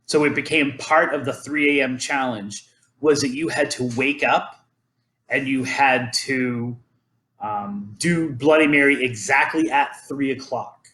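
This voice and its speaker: A man's voice: medium pitch, unhurried, pushed and bright. A man hosting a podcast, chatting casually and rambling through legends with many ums and restarts. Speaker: podcast host. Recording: roomy echo.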